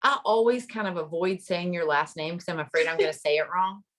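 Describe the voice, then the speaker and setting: A woman hosting a casual chat, a real estate agent, playful with lively quoted asides. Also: on the low side, brisk, a crowd in the background.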